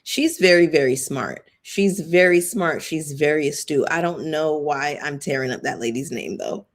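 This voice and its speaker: A woman with a slightly low voice hosts a casual live-chat stream. She talks loosely, drops fillers and asides, and reads out viewer comments as she goes. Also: moderate pace. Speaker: YouTube commentary host.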